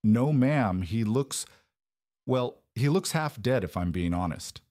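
A man voicing a nervous middle-aged female housekeeper who speaks in a halting, hesitant way. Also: medium pitch, animated, a little mellow.

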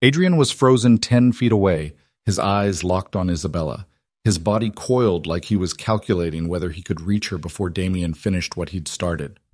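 A man narrating a dramatic story with steady, scripted audiobook delivery. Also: sits low, moderate pace, no room sound, clean studio sound.

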